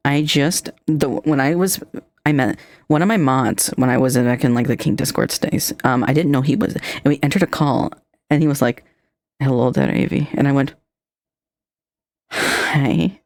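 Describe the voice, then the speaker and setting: A woman's voice: extremely low pitch, moderate pace, a little mellow, no echo. A woman from Minnesota with a Minnesotan accent, chatting casually on her stream in a bubbly, flirty, self-mocking way that sometimes drops to a whisper. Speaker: streamer host.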